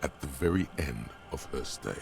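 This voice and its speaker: Gravelly, very deep game narrator. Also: male voice, expressive, moderate pace, exaggerated voice. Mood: solemn. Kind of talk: scripted narration.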